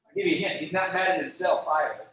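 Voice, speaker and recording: A man's voice: high-pitched, expressive, quick pace, a bit bright. A man giving a casual youth sermon, full of "like", asking the room questions and acting out prayers in little voices. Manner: conversational, lots of "like", acts out prayers in voices. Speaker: youth pastor. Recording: echoey room from far off.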